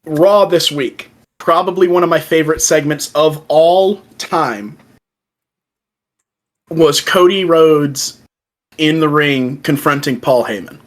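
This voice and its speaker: A young man co-hosting a podcast in casual chat, excitedly retelling events and acting out the quoted lines. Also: a little high, takes it slowly, rough recording. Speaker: podcast co-host. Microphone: remote call.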